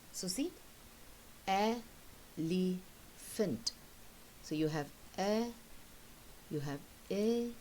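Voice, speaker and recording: Low-voiced teacher, patient and explaining. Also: female voice, mellow, slight background noise, poor audio. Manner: explains patiently, checks understanding with frequent "okay?". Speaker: English teacher. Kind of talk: recorded classroom lesson.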